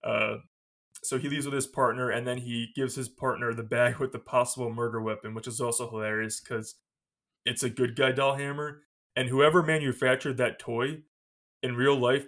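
A man's voice: medium pitch, a bit bright. A man co-hosting a podcast, casually retelling a film's plot and laughing often as he goes. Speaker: podcast co-host. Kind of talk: casual film recap chat.

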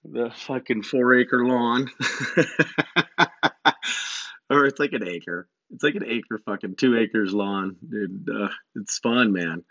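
A man's voice: on the low side, no room sound. A man hosting a podcast, telling a long casual story in a rambling, slangy way, laughing between phrases. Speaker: podcast host. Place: home property, outdoors break. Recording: dull, dry lo-fi recording.

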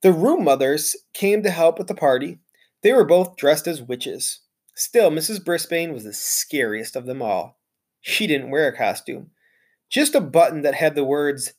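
A male teacher reading a children's chapter book aloud, narrating in an expressive, storytelling way. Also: fairly high pitch.

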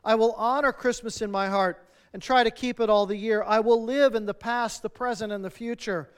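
A man reading aloud as a remorseful old miser pleading with a ghostly spirit, his high voice strained and loud. The tone stays smooth and clear, a storybook reading raised into desperate begging. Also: fairly even intonation, moderate pace, natural voice.

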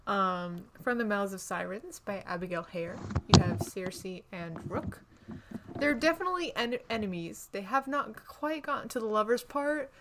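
A woman's voice: medium pitch, normal speed, background noise. A woman co-hosting a podcast in casual book chat, gushing and chatty, often restarting her sentences. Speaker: podcast co-host.

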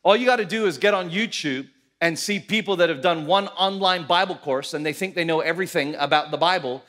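A male pastor telling a story in a sermon, animated, acting out the voices of the people in it. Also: fairly high pitch, a little fast. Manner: animated, acts out voices in anecdotes.

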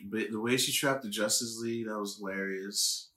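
A man talking in a casual podcast chat, animated, laughing often and swearing. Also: lowish voice, fairly quick. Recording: echoey room.

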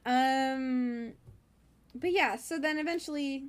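A woman's voice: high-pitched, slow, clean tone. Giggly woman chatting on a podcast. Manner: giggly, animated retelling with frequent laughs. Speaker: podcast co-host. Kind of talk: casual book discussion chat.

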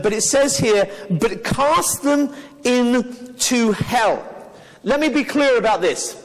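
A man's voice: high-pitched, big-room sound, poor audio. A man teaching the Bible to an audience, earnest and explanatory, often restarting and correcting himself mid-sentence.

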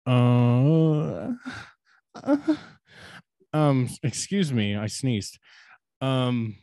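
A man's voice: medium pitch, big pitch swings, extremely slow, dark tone, dry recording, studio quality. A young man co-hosting a casual podcast, rambling and crude, mocking himself and laughing often. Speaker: podcast co-host.

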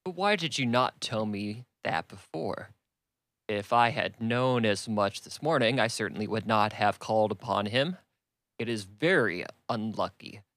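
A man's voice: fairly low pitch, fairly bright tone, no room sound. A man voicing a wry, teasing middle-aged father with a dry manner.

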